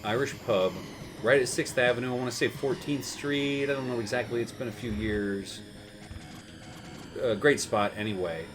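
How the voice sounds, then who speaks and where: A man's voice: mid-range voice, fairly even intonation, normal speed, over music. A man in his thirties, host of a gaming show, telling a rambling story with chuckles while playing a video game. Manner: rambling, chuckling, with many fillers and restarts.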